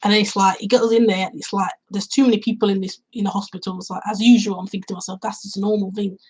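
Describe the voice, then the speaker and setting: A woman's voice: mid-range voice, flat delivery, fast talker, darkish tone, husky, rough recording. A woman reviewing a film in a casual vlog, retelling the plot at length with fillers and quoting her own reactions, recorded outdoors in cool weather.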